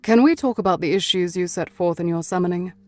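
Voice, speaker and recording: A woman voicing a mysterious, elegant, gaunt man in his forties or fifties who speaks with a purring British accent and calm courtesy. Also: fairly low pitch, fast, natural voice.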